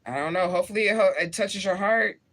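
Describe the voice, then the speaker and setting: A woman's voice: mid-range voice, quick pace, fairly bright tone. A woman in her forties from St. Louis, Missouri, chatting live with viewers and answering their comments, blunt and slangy, laughing often. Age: 40s. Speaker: livestream host. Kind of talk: casual live chat reading comments.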